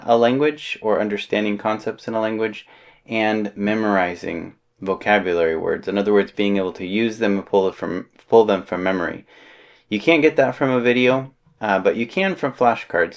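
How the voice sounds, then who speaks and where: Man, low voice, casual teacher, relaxed explanations, lots of ums and uhs. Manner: relaxed, explanatory, with frequent fillers. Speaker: language teacher. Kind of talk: casual spoken lesson.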